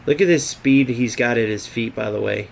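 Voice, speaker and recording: While he plays a football video game live, a young streamer trash-talks his opponent in loose, profane commentary. His mid-range voice is gravelly and moves at a normal speed, and a little hiss or hum runs under it.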